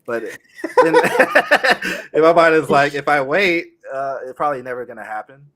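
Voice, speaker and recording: A young man chatting casually as a guest on a streaming podcast, speaking haltingly with many pauses and restarts. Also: on the high side, sing-song, crowd noise. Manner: halting, many fillers and restarts, soft-spoken.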